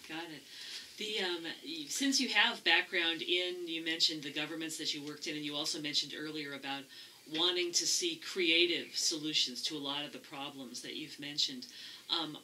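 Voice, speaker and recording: A woman interviewer asking a candidate a question, measured and slightly hesitant. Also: low voice, sharp tone, a little hiss or hum, low-quality recording.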